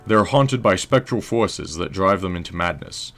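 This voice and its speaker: A man voicing a stoic, gruff male historian, speaking formally in a mock British accent that drifts in and out. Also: sits low, animated, a bit bright, soft background music. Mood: grave. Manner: formal, measured, old-fashioned phrasing.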